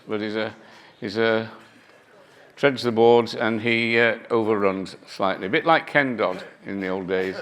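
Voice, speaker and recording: A man's voice: fairly low pitch, fairly bright tone. A man chairing a conference, thanking a speaker and announcing the next item in a loose, self-deprecating way with some hesitations. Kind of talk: conference hosting remarks.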